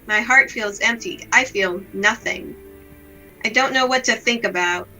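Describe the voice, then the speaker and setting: Woman voicing a melancholy young woman, self-blaming, subdued, slow, high, bright tone. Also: soft background music, poor audio. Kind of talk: reading a visual novel aloud.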